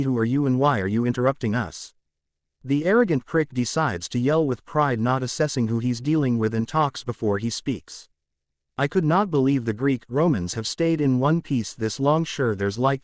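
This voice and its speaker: A man reads a fan-fiction story aloud, his mid-pitched voice rising and falling in a lively way. The sound is dry and close, with no room around it. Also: no echo. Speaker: narrator.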